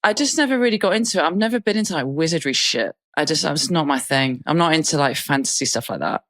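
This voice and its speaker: A woman's voice: deep voice, expressive, fast talker, a bit bright. A British woman from England co-hosting a podcast, telling stories in casual chat and swearing freely. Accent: British English. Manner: chatty anecdotal storytelling, swears freely. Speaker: podcast co-host.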